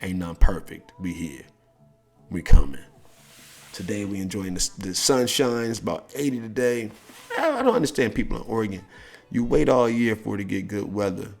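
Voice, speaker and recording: A middle-aged man, a podcast host and coach giving a blunt, profane motivational monologue with big jumps in pitch. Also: animated, moderate pace, vocal fry, faint music behind.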